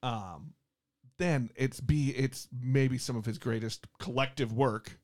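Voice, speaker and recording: A man's voice: medium pitch, slow pace, a little mellow. A man hosting a podcast interview, enthusiastic and repeating words as he starts his questions. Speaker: podcast host. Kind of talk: casual interview.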